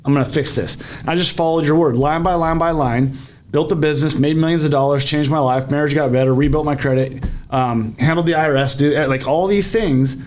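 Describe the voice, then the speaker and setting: A man co-hosting a podcast, telling a story in an animated, profane way in casual chat. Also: fairly high pitch, brisk. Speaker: podcast co-host.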